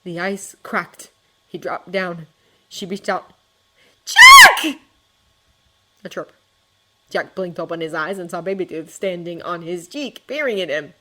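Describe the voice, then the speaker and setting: A woman reading a fan story aloud as storybook narration, with an expressive and dramatic delivery. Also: fairly low pitch, moderate pace, noisy background. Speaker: fanfiction reader.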